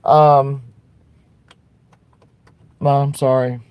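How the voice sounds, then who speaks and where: A woman's voice: a bass voice, flat delivery, drawn-out words, clean tone, no echo, muffled recording. Blunt, profane woman ranting on a livestream. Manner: blunt and profane, with frequent restarts; fired-up and defiant, turning soft when apologizing. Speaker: livestream host. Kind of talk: livestream rant answering chat.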